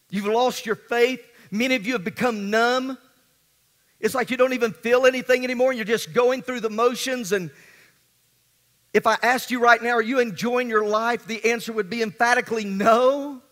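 A man preaching a sermon as pastor, swinging between hushed and emphatic delivery in a church sanctuary. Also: very high voice. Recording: long hall reverb.

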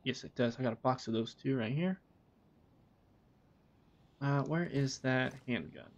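During a game stream, a man offers casual commentary, talking to himself and his audience and cursing plenty. He speaks at medium pitch, a little slowly, on a dull lo-fi recording.

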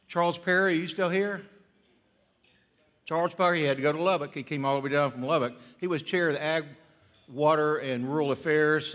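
A man's voice: fairly high pitch, brisk, fairly bright tone. A man, a state senator, introducing colleagues in a folksy, conversational way. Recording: long hall reverb.

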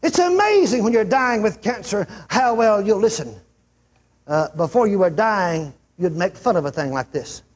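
An older man preaching a revival sermon to a large church crowd, telling stories emphatically and shouting out the lines he quotes. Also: high voice, breathy edge. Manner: emphatic, shouts out quotes, acts out a healed man's yells.

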